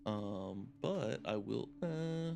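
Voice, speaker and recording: A man's voice: fairly low pitch, lively intonation, very slow, vocal fry, darkish tone, soft background music. A man giving casual, chatty commentary while playing a video game, thinking aloud and laughing often. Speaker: game streamer. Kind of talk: casual let's-play commentary.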